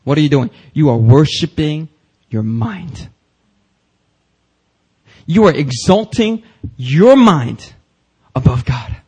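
A man with a husky, slightly higher voice preaches a church sermon. He talks casually with slang but builds to forceful, rising passages when quoting scripture. His delivery is emphatic throughout. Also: animated, slow, pauses often, rough recording. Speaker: pastor. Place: church service.

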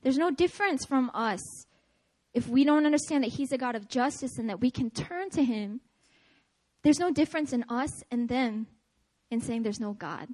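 A woman with a high voice preaches a testimony-style sermon. She speaks with energy and an emphatic, repeating cadence, and often breaks into laughter. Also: lively intonation, moderate pace, a little mellow. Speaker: speaker at a prayer meeting.

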